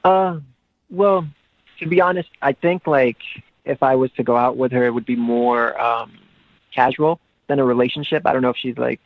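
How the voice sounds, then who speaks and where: A young man calling into a radio show, halting and unsure, filling his pauses with ums. His mid-range voice comes through a dull, muffled phone line with a dry sound. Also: medium pitch, no echo. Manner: hesitant, full of ums. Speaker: caller on the phone.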